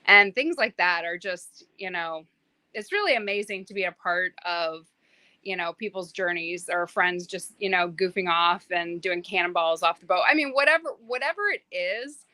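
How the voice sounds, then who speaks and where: A private yacht chef tells stories in a casual interview, her medium-pitched voice moving at a moderate pace in a dry recording. She's animated, uses lots of fillers, and acts out the quotes she recounts.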